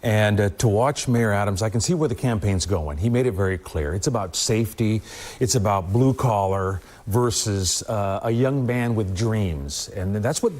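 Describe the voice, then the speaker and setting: A man's voice: on the low side, normal speed, a little mellow. A man commentating on a cable news panel, confident and emphatic.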